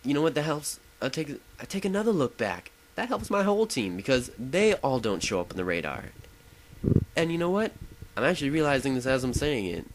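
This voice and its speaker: Young guy doing casual gameplay commentary, rambly, keeps restarting sentences, hyped, average-pitched voice. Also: very animated, brisk, slight background noise, poor audio. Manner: rambling, self-interrupting, enthusiastic. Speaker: gaming video host.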